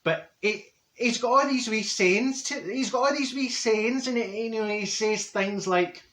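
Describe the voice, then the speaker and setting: Rambling Glaswegian gossip woman played by a man, middle-aged, mangles long words, slightly high voice, echoey room. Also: a little slow, a bit bright. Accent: Glaswegian Scottish. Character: chatty middle-aged Glasgow woman, straight-talking gossip. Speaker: comedy character monologue. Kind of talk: comic storytelling to camera.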